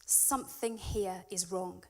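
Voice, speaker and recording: A woman's voice: on the low side, slow, a little mellow. A woman preaching in a church, reading scripture and then explaining it in an earnest, conversational way that builds to emphatic peaks. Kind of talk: sermon with Bible reading.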